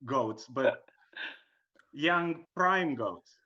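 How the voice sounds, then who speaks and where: Slow, halting man with a bright voice. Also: mid-range voice, lively intonation, dull audio, a little hiss or hum. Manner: hesitant delivery, full of "uh"s. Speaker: comedian in a roast battle. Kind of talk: live online roast jokes.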